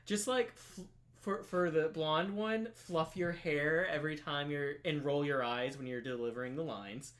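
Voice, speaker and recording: A man casually reading and commenting on a story game while streaming, playful and quick to get excited. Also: on the high side.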